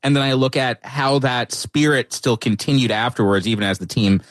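Man answering in a dry room, halting. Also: medium pitch, steady tone, no echo. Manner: thoughtful, halting with frequent restarts. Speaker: author and guest. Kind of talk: conversational interview answers.

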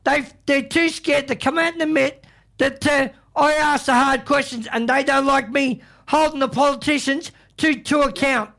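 An Australian man hosting a community radio show, talking in a halting way with lots of fillers and restarts, and full of strong opinions. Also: very high voice, fairly even intonation, vocal fry, bright, forceful tone. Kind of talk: casual radio chat.

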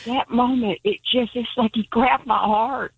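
A woman calling in to a radio show, speaking in a hesitant, halting way. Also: on the high side, fairly even intonation, creaky, husky, no echo, rough recording. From Tennessee. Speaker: caller.

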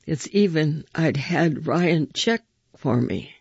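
A man reads first-person stories aloud in a measured, expressive way. His voice is fairly high, gravelly and husky. The recording is dry, close and a bit muffled. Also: dry recording. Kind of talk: reading a story aloud.

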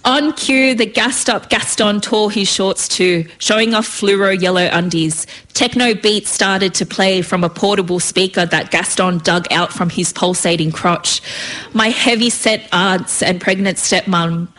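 A woman's voice: mid-range voice, unhurried, fairly bright tone. A woman reading her own story aloud in a vivid, rhythmic way. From Australia.

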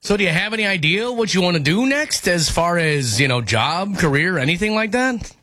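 A male radio host with a notably high, light voice, talking in a teasing, chatty way and chuckling easily. The sound is very dry and close to the studio mic, with no room around it. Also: lively intonation, fairly quick, sharp tone, dry recording. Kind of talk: casual morning radio chat. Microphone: studio microphone.

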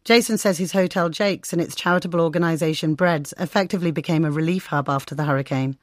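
A woman correspondent narrating a scripted radio report in a measured, descriptive way. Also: low-pitched, no room sound, studio quality. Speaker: foreign correspondent.

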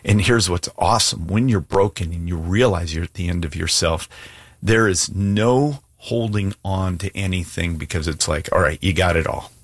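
A man's voice: sits low, moderate pace, breathy edge, no echo. A male pastor preaching an earnest, emphatic sermon and altar call, plain-spoken with casual asides.

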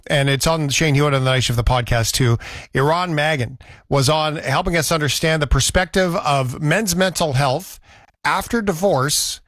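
A man's voice: fairly high pitch, a bit bright, dry recording, clean studio sound. A man hosting a radio talk show, chatting casually and teasing his co-worker.

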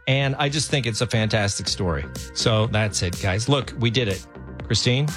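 A man's voice: fairly low pitch, normal speed, over music. A man hosting a radio talk show as a fill-in, chatty and enthusiastic.

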